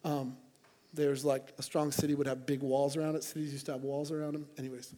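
A man's voice: medium pitch, flat delivery, brisk, mellow. A man preaching a sermon to a church congregation, earnest and conversational, with playful asides. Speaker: pastor.

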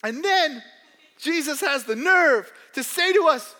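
A young man preaching a sermon in a church hall, joking and animated, putting on mock voices of doubters. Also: very high-pitched, measured pace. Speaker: pastor.

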